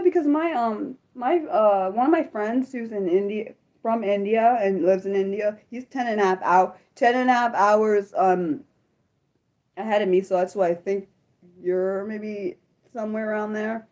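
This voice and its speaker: A young adult woman chatting casually on her livestream, apologetic and self-deprecating, swearing a lot and swinging from high laughing squeals to low mutters. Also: measured pace, darkish tone. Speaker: livestream host. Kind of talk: unscripted livestream chat with viewers.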